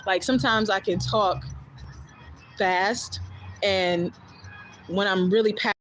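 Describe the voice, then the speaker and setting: A woman's voice: mid-range voice, steady tone, a little slow, faint music behind, poor audio. A woman with a New Jersey accent chatting casually on a livestream, blunt and candid, swearing freely and answering viewer comments. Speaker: livestream host.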